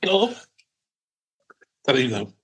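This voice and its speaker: A man's voice: fairly low pitch, brisk, a bit bright, breathy edge. A man co-hosting a podcast, joking around in casual banter with quips and some swearing. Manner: jokey, throws in quips and swearing. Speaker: podcast co-host.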